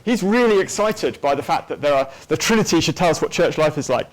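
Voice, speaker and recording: A man's voice: fairly high pitch, expressive, fast talker. A man giving a church teaching talk on theology, thoughtful and unscripted, with frequent ums and restarts. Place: church hall at a weekend away.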